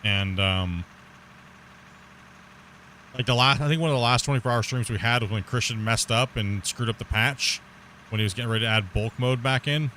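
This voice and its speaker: A man's voice: mid-range voice, normal speed, long pauses, bright, forceful tone, slight background noise. A man chatting casually while streaming live gameplay, rambling, laughing often and swearing casually.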